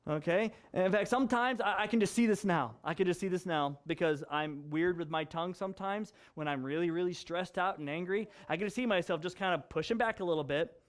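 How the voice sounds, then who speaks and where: A man's voice: sits high, a little fast, hardly any pauses. A male pastor preaching a conversational sermon, chatty and jokey, with frequent asides and laughter.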